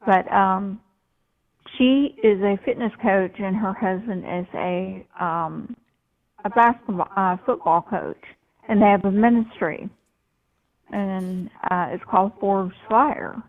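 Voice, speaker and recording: A woman's voice: medium pitch, slow pace. A woman telling a personal story on a live show, rambling, with many fillers and restarts. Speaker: guest storyteller. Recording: tinny phone-line call.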